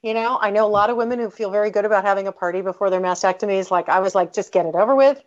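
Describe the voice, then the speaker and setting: Racing along in a mid-range voice, a middle-aged American author being interviewed as a guest shares a personal story. She's candid and emphatic and frequently breaks off her sentences only to start them over. The audio is dull, lo-fi.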